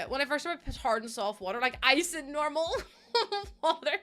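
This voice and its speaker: A young woman with a Northern Irish accent streams from her home setup, chatting casually with viewers, laughing often, and answering their comments. Her voice sits high and sounds bright, animated, and forceful at a normal speed, with soft music playing in the background.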